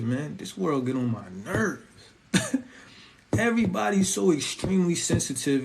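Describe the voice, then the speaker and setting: A man's voice: a little high, vocal fry, slight background noise. A young man giving a casual, slangy preaching monologue on faith and relationships, often asking listeners if they feel him. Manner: animated, conversational, slangy, keeps asking "you feel me". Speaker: Christian vlogger.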